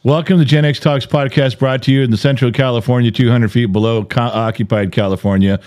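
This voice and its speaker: A man's voice: mid-range voice, steady tone, brisk, a little mellow. A middle-aged man co-hosting a podcast, bantering with his wife in a teasing, mock-offended, boastful way. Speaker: podcast co-host. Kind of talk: bantering married couple chat.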